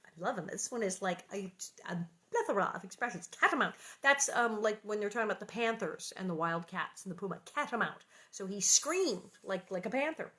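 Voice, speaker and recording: A woman reads a classic children's book aloud and keeps stopping to chat about it. Her voice swings widely in pitch as she gushes over old sayings. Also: animated, a little fast, hardly any pauses, fairly bright tone. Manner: chatty, gushing asides. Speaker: reader.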